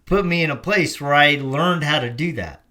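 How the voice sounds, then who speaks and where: Male podcast host, higher pitch, bright and forceful, warmly sums up the guest. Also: normal speed. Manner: encouraging, sums up the guest's points. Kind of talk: interview chat.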